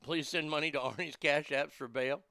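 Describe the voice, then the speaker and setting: A man's voice: a little high, fairly even intonation, moderate pace, gravelly, pushed and bright, clean tone, dry recording. A man hosting a show, ranting angrily with heavy swearing. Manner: profane, heated, swearing often. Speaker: host. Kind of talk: angry commentary rant.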